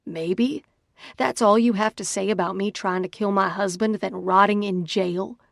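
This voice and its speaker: A bitter, worn-down young woman speaks with a flat, dull voice that turns snappish, as an audiobook narrator puts her on. The delivery is unhurried. The sound is dry and close, with no room around it. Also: mid-range voice, creaky, no echo. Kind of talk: audiobook dialogue reading.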